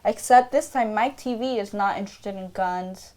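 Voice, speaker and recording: A woman co-hosting a podcast in casual chat, playful and quick to act out characters, with lots of "like". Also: mid-range voice, a little mellow. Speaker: podcast co-host.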